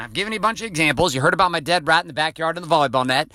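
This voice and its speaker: A middle-aged man talks straight at the listener from inside his car, a motivational podcast host who swears freely and pushes hard. His voice is bright and a bit high for a man. The sound is close and dry. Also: very fast, no room sound. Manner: blunt, profane, coaching tone.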